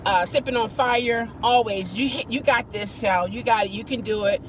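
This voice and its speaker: A woman's voice: normal speed, a little hiss or hum. A middle-aged woman chatting casually on a live stream, greeting viewers by name as she tells her story. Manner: expressive, jumps high when emphasizing.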